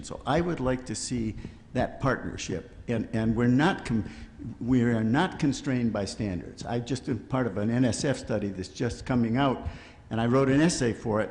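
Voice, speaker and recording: A man's voice: mid-range voice, darkish tone. Opinionated male panelist, punchy delivery, recorded in a reverberant hall. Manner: emphatic, opinionated. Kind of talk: panel discussion argument.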